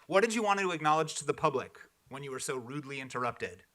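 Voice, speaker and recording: A man's voice: a little high, expressive, fast, bright, forceful tone. Sarcastic man giving public comment. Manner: sarcastic, pointed.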